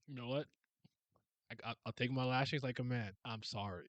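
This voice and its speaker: Reacting to the latest manga chapter, this excitable host talks straight to his audience in slangy, casual speech and reads bits out loud. His mid-range, slightly fast voice comes through a handheld mic on a swing arm held close, with no room sound.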